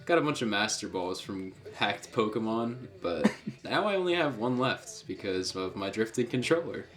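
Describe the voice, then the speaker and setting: A man's voice: lowish voice, animated, moderate pace, fairly bright tone. A man in his thirties co-hosting a casual video commentary, laid-back and slangy. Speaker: co-host and video creator.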